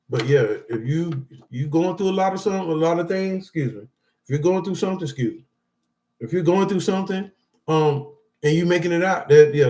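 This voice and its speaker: A man with a fairly high speaking voice gives motivational advice indoors, reading from his notes. He rambles loosely and keeps checking in with his listeners. His tone stays casual and encouraging throughout. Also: darkish tone. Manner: loose and rambling, talks straight to viewers with frequent "all right?" and "okay?". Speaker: support group speaker.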